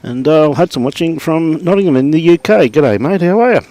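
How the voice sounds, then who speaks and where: A middle-aged Australian man doing relaxed live commentary on lawn bowls, chatting and greeting viewers by name. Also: on the high side, normal speed.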